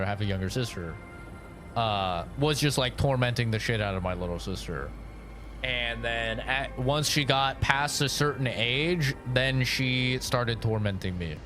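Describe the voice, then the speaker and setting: A man's voice: mid-range voice, normal speed, fairly bright tone, faint music behind. A young man chatting on a gaming stream, telling crude, profane, rambling stories. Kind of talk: casual stream chat.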